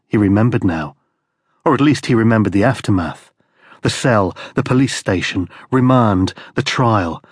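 A man reading a crime thriller audiobook as narrator, in steady, grim storytelling. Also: on the low side, husky, no room sound, clean studio sound. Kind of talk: scripted narration.

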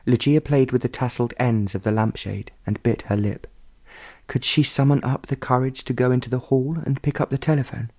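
A male audiobook narrator reads the story in a measured, even manner. His voice is mellow and warm, sitting in a middling register. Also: mid-range voice. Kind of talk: scripted narration.

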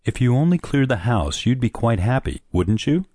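A man's voice: mid-range voice, big pitch swings, normal speed, warm tone, breathy edge, no echo, studio quality, pitched above the performer's own voice. A man reading an audiobook, voicing a playful, mocking young man who teases his parents. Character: cheeky, joking young man, the son.

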